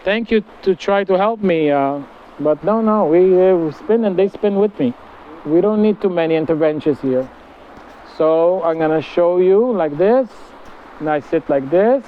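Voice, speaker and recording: A man's voice: a little high, a little slow, phone-quality sound, a little hiss or hum. A man talking casually to camera on an outdoor deck, meandering, with many fillers. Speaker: spiritual vlogger. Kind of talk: casual spiritual vlog.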